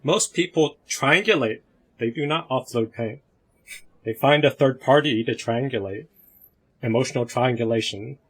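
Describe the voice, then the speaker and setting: Husky-voiced male host, opinionated, casual discussion over a video call. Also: mid-range voice. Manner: opinionated, animated, laughs between points.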